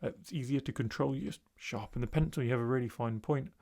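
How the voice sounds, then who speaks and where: A man's voice: mid-range voice, fast talker. Male art tutor, mid-range voice, casual demo voice-over with fillers. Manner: relaxed, thinking aloud with fillers. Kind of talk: voice-over narrating a painting demo.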